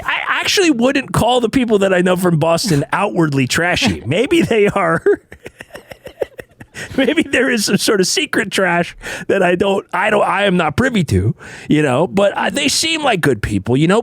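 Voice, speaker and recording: A man's voice: high-pitched, sing-song, normal speed, a bit bright, no echo. A man hosting a comedy podcast, conducting a mock interview in a rambling, earnestly self-serious way. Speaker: podcast host.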